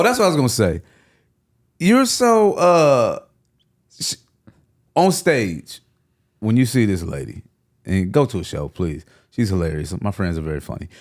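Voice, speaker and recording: A man from Milwaukee co-hosting a podcast, telling stories in an animated way and laughing often. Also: lowish voice. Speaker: podcast co-host. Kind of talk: casual comedic chat.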